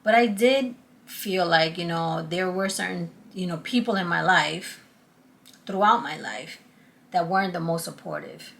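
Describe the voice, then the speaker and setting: A woman's voice: fairly low pitch, a little slow, gravelly, a bit bright. A middle-aged woman chatting earnestly to her channel's viewers, acting out past conversations as she goes. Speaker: YouTube channel host. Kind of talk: casual talk to camera.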